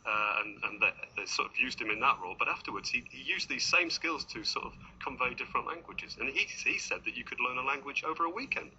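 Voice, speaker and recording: A man's voice: mid-range voice, animated, fast talker, hardly any pauses, sharp tone, a little hiss or hum. A man who works as a radio researcher, chatting casually in a rambling, self-deprecating way and laughing often. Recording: dull broadcast radio recording.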